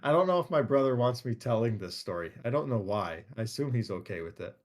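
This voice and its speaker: A man's voice: mid-range voice, animated, quick pace. A man co-hosting a live stream, telling stories casually and rambling with lots of fillers and restarts. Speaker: co-host. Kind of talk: casual chat about a card game.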